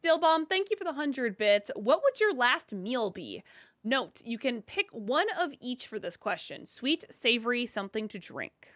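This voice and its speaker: A woman's voice: fairly high pitch, sing-song, fairly bright tone, no room sound, studio quality. A woman co-hosting a casual livestream, reading out viewer questions and thanks. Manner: reads out chat messages, quick asides.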